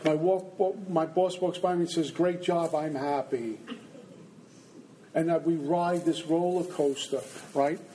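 Wry, mellow-voiced man telling stories. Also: a little high, a little slow, slight background noise, low-quality recording. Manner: humorous and self-mocking, acts out inner voices. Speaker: guest speaker at a recovery meeting. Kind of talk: storytelling talk to a live audience. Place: indoor meeting room with an audience.

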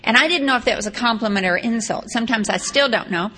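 A woman tells a personal story in a rambling, chatty way. She drops wry asides as she talks. Her voice sits a little high. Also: fast, bright, forceful tone, a little hiss or hum. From Texas. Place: seated on a stage or chair.

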